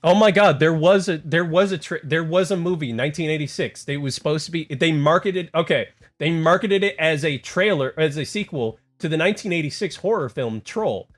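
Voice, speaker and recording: Male streamer, slightly high voice, rambling, excitable, faint music behind. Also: a little fast, hardly any pauses. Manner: rambling and excitable, heavy on "like" and "dude"; talks to chat, reads text aloud. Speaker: livestreamer. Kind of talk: casual stream chat.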